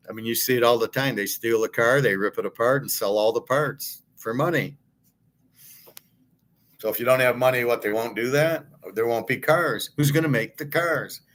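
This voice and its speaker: A middle-aged man, a sports handicapper, delivering a blunt, indignant monologue full of swearing and rhetorical questions. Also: mid-range voice. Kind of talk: ranting monologue.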